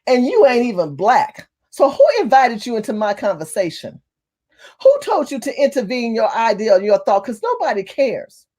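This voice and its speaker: A woman telling a story to her camera in an animated, emphatic rant, with some cursing. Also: fairly high pitch, moderate pace. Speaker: vlogger. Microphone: phone or camera facing her.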